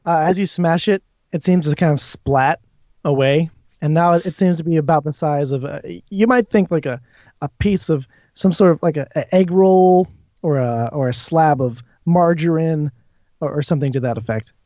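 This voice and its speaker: A man's voice: a little high, normal speed, dark tone, no echo. A man running a tabletop game as dungeon master, hesitant with many ums and restarts. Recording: dull lo-fi stream audio.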